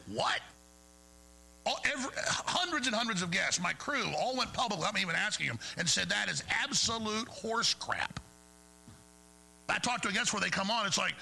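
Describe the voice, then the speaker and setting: A man's voice: high-pitched, big pitch swings, a little fast, vocal fry, sharp tone, husky, rough recording. A middle-aged man hosting a talk show, ranting angrily and going off on tangents while mocking his opponents. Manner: angry, digressive, mocking impressions. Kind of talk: ranting monologue.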